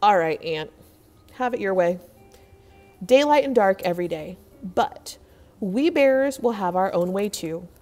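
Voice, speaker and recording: A woman voicing a big, fat, lazy male bear who talks in a gruff, bossy way. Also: medium pitch, animated, unhurried, long pauses, darkish tone, faint music behind, lightly acted. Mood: mocking. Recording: long hall reverb.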